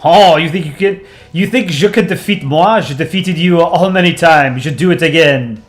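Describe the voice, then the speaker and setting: A man's voice: on the high side, normal speed, faint music behind, voice pushed up, lightly acted. A man voicing a boastful male France countryball with a put-on French accent and broken English peppered with French words.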